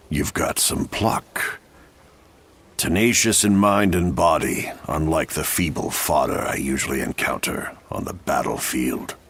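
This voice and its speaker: A proud, fearsome warlord in a game, weighing his foe with slow, menacing words. His voice sits very low and husky. Every line comes out slow and heavy. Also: a bit bright, full character voice. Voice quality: very deep, husky voice. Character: fearsome, proud male warlord, grown man. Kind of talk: game voice acting.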